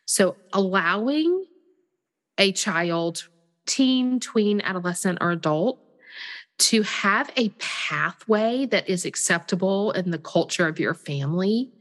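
A woman, co-hosting a parenting podcast, animated and chatty, often acting out what a parent and a child would say. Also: mid-range voice, takes it slowly, long reverb tail. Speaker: podcast co-host. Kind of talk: casual parenting podcast chat.

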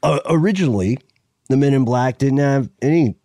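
A man co-hosting a podcast, telling a story in a relaxed, meandering way with lots of fillers. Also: mid-range voice, a little fast, no room sound, clean studio sound. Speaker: podcast co-host. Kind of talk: casual conversational storytelling.

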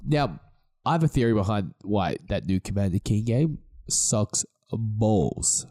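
Teasing man with a lively voice. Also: on the low side, measured pace. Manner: teasing, joking, laughs often. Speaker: podcast co-host. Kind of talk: casual podcast chat.

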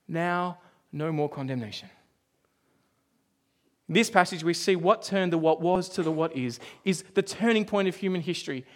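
High-voiced man preaching conversationally. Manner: conversational storytelling with asides and quick dips to a hush. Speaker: pastor. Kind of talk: sermon.

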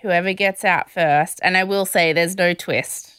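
Woman podcast host, bright and very lively delivery, dry close mic. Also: lowish voice, smooth, dry recording. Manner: chatty, animated, quick asides. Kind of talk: casual chat recapping a reality show.

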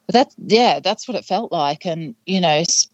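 Low-voiced woman telling a story. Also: lively intonation, moderate pace, no room sound, muffled recording. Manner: rambling, many fillers, laughs between phrases. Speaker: podcast guest, trail runner. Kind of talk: casual storytelling.

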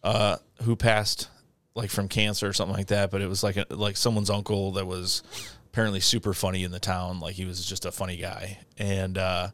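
A man's voice: low-pitched, little pitch movement, fairly quick, fairly bright tone, no room sound. A man co-hosting a podcast in casual chat, joking, swearing and laughing often. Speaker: podcast co-host.

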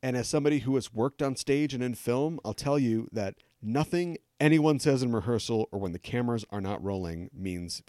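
A man's voice: lowish voice, dark tone, no room sound. A man hosting a podcast, delivering scripted news commentary with sarcastic, joking asides into a close studio mic. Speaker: podcast host.

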